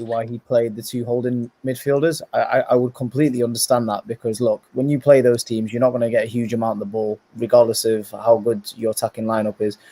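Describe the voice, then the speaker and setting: A man giving animated, opinionated football talk as a podcast guest, often repeating words as he starts. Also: mid-range voice, no room sound. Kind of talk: casual chat, football debate.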